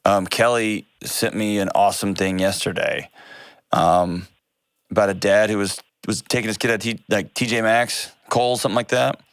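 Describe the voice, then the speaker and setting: A lower-voiced man hosts a call-in advice show in a dry, close studio sound. He talks directly and earnestly and often corrects himself mid-sentence. His delivery turns animated when he retells a story. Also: normal speed, smooth, dry recording.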